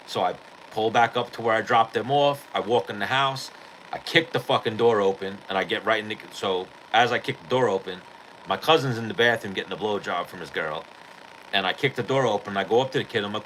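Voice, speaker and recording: Man, low voice, casual podcast chat, swears a lot, acts out quotes, faint background noise. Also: brisk, low-quality recording. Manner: profane, animated storytelling with acted-out quotes. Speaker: podcast host.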